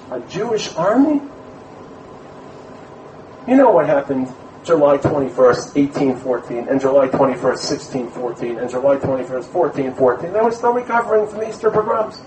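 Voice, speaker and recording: A man from Brooklyn, giving a lively sermon-style talk to a community gathering, telling stories and mixing in Hebrew terms. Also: medium pitch, slight background noise. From Brooklyn, USA. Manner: animated storyteller, mixes in Hebrew terms. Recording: echoey room, mic at a distance.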